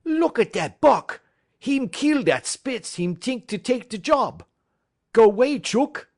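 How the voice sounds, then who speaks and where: A man voicing an excitable, rough French-Canadian dog driver who shouts in broken English. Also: very high-pitched, slow, no echo, clean studio sound, pitched above the performer's own voice, heavily acted. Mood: gleeful. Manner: loud broken-English exclamations.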